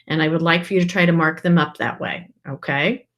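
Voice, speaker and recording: A woman teacher dictating a first grade spelling test, saying each word clearly and repeating it in a sample sentence. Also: low-pitched, brisk.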